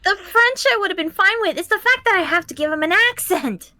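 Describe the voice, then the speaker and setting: A woman's voice: very high-pitched, animated, a little fast, pushed and bright. A woman co-reader on a stream, chatting casually in a nervous, laughing way. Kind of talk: casual chat.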